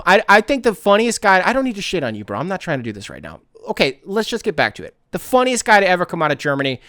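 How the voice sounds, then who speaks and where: With a high, slightly bright voice, this U.S. podcast host rambles through a casual solo episode, chatting along and fixing his own wording. The recording is studio quality with no room sound.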